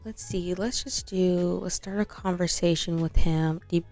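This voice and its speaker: A young woman chats through her life-sim game in loose, slangy commentary. Her voice sits a bit low and relaxed in tone. Faint music plays in the background. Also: measured pace. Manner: chatty, slangy, narrates and voices sims. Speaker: gaming channel host. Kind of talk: casual let's-play commentary.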